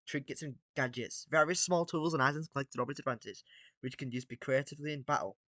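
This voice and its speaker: A man's voice: on the high side, sharp tone, no echo. A man casually reading an AI-written battle story aloud, stumbling over words and adding self-mocking asides. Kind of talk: casual read-aloud commentary.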